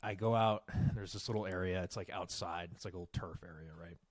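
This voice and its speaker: A man's voice: deep voice, steady tone, fast, dry recording. Profane, ranting young man on a podcast. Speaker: podcast co-host. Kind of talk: casual chat.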